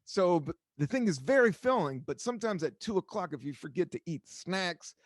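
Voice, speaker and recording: A man's voice: sits high, animated, moderate pace, dry recording, studio quality. A man in his forties from the United States hosting a podcast, rambling through stories in casual chat, swearing freely and acting out what people said. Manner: rambling storyteller, swears freely, acts out quotes. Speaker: podcast host.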